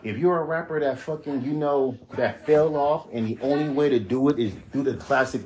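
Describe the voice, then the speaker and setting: A man's voice: mid-range voice, moderate pace, hardly any pauses, a little mellow. A man hosting a podcast alone, ranting bluntly with heavy profanity and repeating himself. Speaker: podcast host. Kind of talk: solo ranting monologue.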